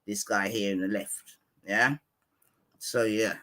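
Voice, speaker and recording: A man with a London accent hosting a live stream. His commentary is casual and full of slang, and he gets loud and animated. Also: fairly low pitch, takes it slowly.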